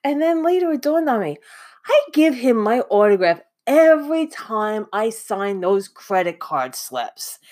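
A woman's voice: on the high side, sing-song, measured pace, darkish tone. A woman casually telling a personal anecdote, often breaking into laughter and poking fun at herself. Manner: giggly, self-mocking, often laughs mid-sentence. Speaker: podcast host. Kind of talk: casual storytelling monologue.

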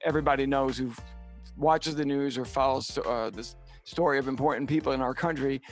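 A middle-aged man co-hosting a podcast, telling a personal story in a halting, heartfelt way with many fillers and restarts. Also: medium pitch, steady tone, soft background music. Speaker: podcast co-host. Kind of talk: casual storytelling chat.

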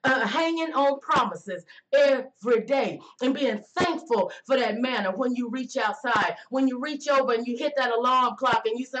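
A woman with a high, bright-pitched voice delivers a folksy sermon. She calls out to her listeners and draws words out slowly for emphasis. A faint hiss sits under the recording. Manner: folksy, call-and-response, drawn-out emphasis. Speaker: preacher.

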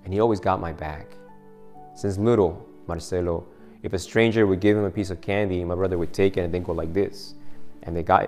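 A deep-voiced middle-aged man preaches in a relaxed storytelling way. He often restarts his phrases as he talks to the congregation. Faint music plays softly behind him. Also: brisk. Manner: conversational storytelling, many restarts. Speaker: pastor. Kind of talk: sermon with personal story.

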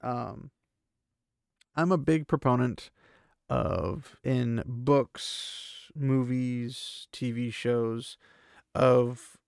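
Gravelly-voiced man reading aloud. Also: medium pitch, very slow, dry recording, clean studio sound. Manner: earnest, chatty, self-deprecating. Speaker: podcast host reading a novel. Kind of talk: book reading with casual commentary.

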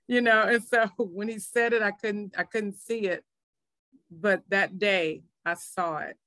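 A woman's voice: medium pitch, steady tone, slow, fairly bright tone, dry recording. A middle-aged woman pastor, telling her faith story in an earnest, emotional way. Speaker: pastor and minister. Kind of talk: testimony in a faith interview.

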